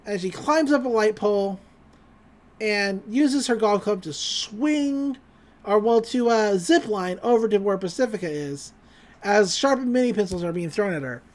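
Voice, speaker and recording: A woman's voice: medium pitch, lively intonation, moderate pace, darkish tone. Chatty woman recapping a cartoon episode. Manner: chatty, full of fillers, acts out quotes. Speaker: podcast host.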